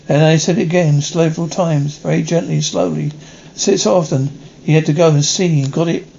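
A man reading a first-person story aloud in a halting, stumbling way, often restarting words. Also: on the high side, steady tone, vocal fry, dark tone, a little hiss or hum. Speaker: reader. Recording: dull lo-fi recording.

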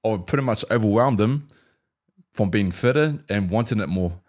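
A man's voice: fairly low pitch, normal speed. A former fighter from New Zealand, a man telling fight stories in a casual interview, acting out banter with laughter. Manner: animated storyteller, acts out fight banter and laughs. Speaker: former UFC fighter, guest.

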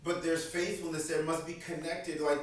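High-voiced man preaching in an echoey room. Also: little pitch movement, moderate pace. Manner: repeats key lines for emphasis; earnest, conversational preaching. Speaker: pastor. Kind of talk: sermon. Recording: very echoey room, mic at a distance.

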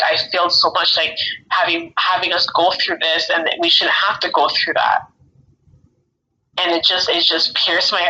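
A woman speaking in halting, emotional casual conversation, leaning heavily on fillers. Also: on the low side, sharp tone, highs cut off. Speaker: mother sharing her story.

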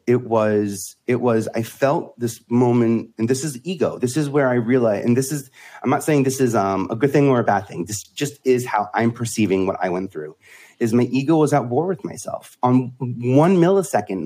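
A man's voice: medium pitch, darkish tone, breathy edge. A man in his forties, a podcast guest talking candidly and laughing often, restarting phrases as he goes. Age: 40s. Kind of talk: casual conversation.

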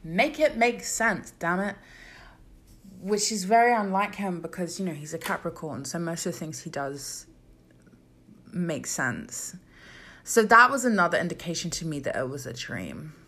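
A young woman chatting casually to her viewers, her pitch swooping up and down as she tells a story. She swears freely and throws herself into acting out every voice in it, with big jumps in pitch. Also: lively intonation, normal speed, pushed and bright. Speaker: vlogger.

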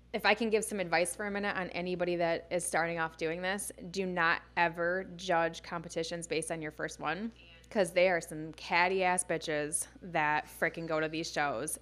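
A young woman talks in a slightly low voice, chatty and animated. She fills her stories with "like" and acts out what other people said. It sounds like a relaxed conversation between guests. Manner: chatty, animated, heavy on "like" and quoted dialogue. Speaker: guest, bikini fitness competitor. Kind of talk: casual storytelling chat.

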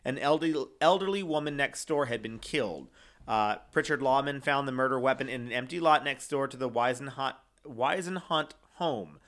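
A young man talks through a true-crime story in a loose, casual way. He wanders, fills gaps with "uh" and "um", and reads quotes aloud in his ordinary middle-pitched voice. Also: normal speed, a bit bright. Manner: rambling with many fillers, reading quotes aloud. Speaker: co-host.

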